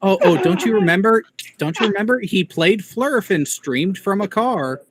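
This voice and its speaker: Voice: medium pitch, animated, moderate pace, slightly rough. A co-host in a casual commentary chat, making teasing, laughing asides.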